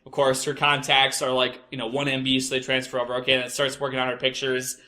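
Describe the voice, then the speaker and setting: A man's voice: medium pitch, completely flat delivery, fast talker, sharp tone. A young man telling a crude work story, exasperated and swearing constantly. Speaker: podcast host. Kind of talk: profane storytelling rant.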